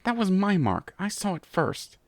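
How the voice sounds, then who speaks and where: A man's voice: medium pitch, sing-song, a little slow, creaky, no echo. A man reading a pony story aloud and voicing a vain, scheming female changeling queen who hisses and snaps at her rivals. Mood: angry. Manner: hissing, snappish and haughty.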